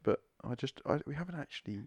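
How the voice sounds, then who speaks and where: An easygoing co-host chats from home in a mid-range voice. The delivery is relaxed and jokey. The sound is close and dry, with no room echo. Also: medium pitch, fast, husky. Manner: easygoing, chatty, joking. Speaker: podcast co-host. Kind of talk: casual chat.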